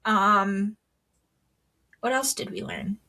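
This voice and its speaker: A woman's voice: medium pitch, slow pace, bright, forceful tone. A young woman co-hosting a casual podcast, rambling with lots of ums and wry asides. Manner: rambling, filler-heavy, wry. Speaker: podcast co-host. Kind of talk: casual chat.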